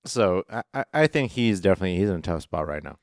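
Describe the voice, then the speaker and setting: A man's voice: sits low, expressive, quick pace, dry recording, clean studio sound. A man co-hosting a fantasy football podcast, talking loosely and casually, with a bit of swearing. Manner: loose, profane, uses workplace analogies. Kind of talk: casual sports chat.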